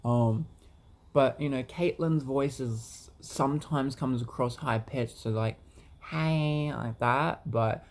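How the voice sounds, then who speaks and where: A man's voice: medium pitch, slow. A man talking casually to camera in a vlog, hesitant, with many ums and repeated words. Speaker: vlogger.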